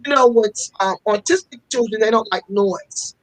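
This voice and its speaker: A woman's voice: mid-range voice, normal speed, no room sound, poor audio. Passionate woman telling stories, dry sound. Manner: passionate storytelling with repetitions. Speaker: fashion school owner and guest. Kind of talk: casual interview talk.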